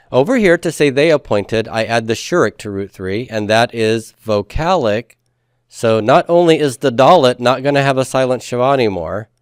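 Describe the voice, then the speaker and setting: A man's voice: mid-range voice, dry recording. Male grammar teacher, patient and methodical, folksy. Mid-range voice, dry close recording. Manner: patient, step-by-step explaining, has the class repeat forms aloud. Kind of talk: classroom lecture.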